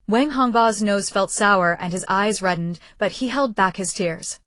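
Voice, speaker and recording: Woman with an even storybook narration. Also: medium pitch, normal speed, few pauses, no room sound. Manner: even, steady reading of a translated web novel, with slips in pronouns. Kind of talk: scripted audiobook narration.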